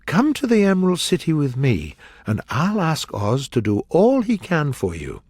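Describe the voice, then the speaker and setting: Man playing a polite young girl, earnest, high pitched, lively, dry sound. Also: moderate pace, breathy edge, no echo, exaggerated voice. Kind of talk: storybook character voice.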